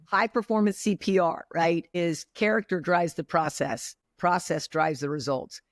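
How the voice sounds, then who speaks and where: A woman's voice: lowish voice, moderate pace, no echo. Older woman coach as a guest, upbeat and motivational, in a dry room. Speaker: guest, veteran softball coach. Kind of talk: interview.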